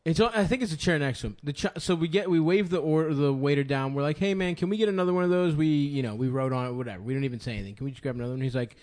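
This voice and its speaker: A man's voice: on the high side, racing, few pauses, darkish tone. A man casually telling a comedic story on a podcast, profane and rambling, often laughing.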